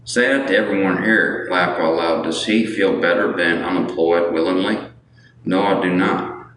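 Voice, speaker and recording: A raspy-voiced man in his thirties chatting casually on a livestream, reading viewer comments aloud and answering with boastful jokes. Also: sits low, steady tone, moderate pace, a bit bright. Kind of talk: casual live chat. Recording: echoey room, mic at a distance, faint noise.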